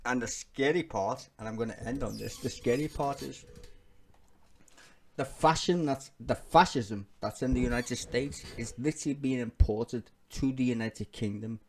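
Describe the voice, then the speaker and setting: A man's voice: mid-range voice, normal speed, slight background noise. A man giving ranting political reaction commentary, profane, heated and emphatic, often laughing as he talks. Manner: laughs often while talking.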